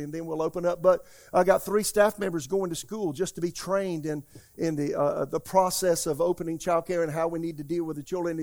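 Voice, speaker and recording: A man preaching an Easter Sunday sermon as pastor, emphatic and calling out to the congregation, swinging from loud declarations to quiet asides. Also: high-pitched. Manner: emphatic preaching, asks the congregation "How many hear me?".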